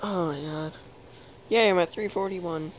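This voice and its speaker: A man's voice: high-pitched, measured pace, slight background noise, rough recording. A man hosting a casual gaming chat, teasing his friend and laughing constantly. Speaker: channel host.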